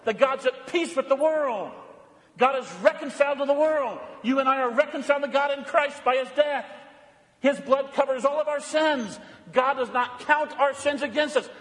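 Man, pastor, high voice, earnest sermon, fervent then hushed, long church reverb. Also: normal speed. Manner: earnest preaching that swings between fervent emphasis and hushed low passages. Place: church sanctuary.

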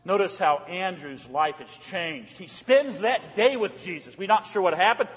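High-voiced preacher in an echoing church. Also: male voice, expressive, moderate pace. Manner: emphatic preaching with repeated rhetorical questions. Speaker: pastor. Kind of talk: sermon. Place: church sanctuary. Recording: long church reverb.

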